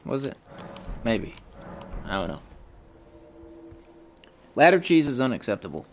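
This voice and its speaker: A man's voice: medium pitch, big pitch swings, measured pace, slight background noise. A man streaming a game live, cursing and trash-talking opponents and chatting casually with viewers. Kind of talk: live gaming stream commentary.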